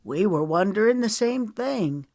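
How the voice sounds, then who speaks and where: Gentle earnest young farmer, read by a woman, slow delivery, dry close sound. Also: mid-range voice, lively intonation, no room sound, voice pushed up.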